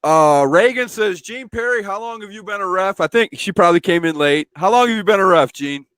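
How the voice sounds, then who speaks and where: High-voiced chatty male host. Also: animated, brisk, fairly bright tone, no echo. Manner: chatty, reads out viewer comments, laughs often. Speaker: show host. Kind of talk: casual live-stream chat. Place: at home.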